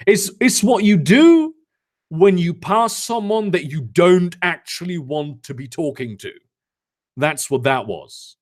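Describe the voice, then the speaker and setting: A young man reads a story aloud on a live stream and keeps stopping to mock it in a sarcastic, foul-mouthed way. His voice sits a bit high and swings a lot in pitch. He also chats with his viewers between lines. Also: takes it slowly. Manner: sarcastic, swearing, animated asides. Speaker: streamer reading fanfiction aloud. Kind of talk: comedic live-stream reading with commentary. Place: home, lives in Germany.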